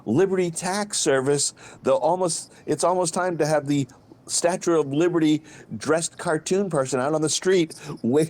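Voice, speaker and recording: A man's voice: fairly high pitch, moderate pace. A man co-hosting a comedy podcast, cracking crude teasing jokes. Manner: joking, animated, teasing. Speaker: podcast co-host.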